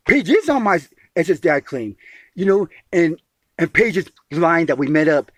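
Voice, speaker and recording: Emphatic man, high and lively voice. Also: normal speed, dry recording. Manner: emphatic, repeats words and calls the listener sweetie; restarts phrases often. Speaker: caller telling his grievance.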